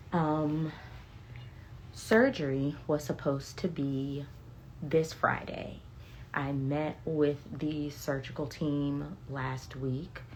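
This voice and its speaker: A woman talks to her viewers on a phone livestream with a low voice. She tells stories candidly and bluntly and swears freely. Now and then she reads out a viewer's comment. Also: slight background noise. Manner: candid, animated storytelling with blunt profanity. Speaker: beauty vlogger sharing health updates. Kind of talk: casual livestream chat.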